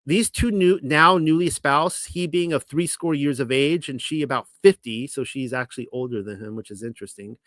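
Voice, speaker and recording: A man's voice: mid-range voice, a little fast, hardly any pauses, a bit bright, no room sound. A man teaching the Bible in a casual, rambling way, with many restarts and fillers. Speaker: ministry teacher.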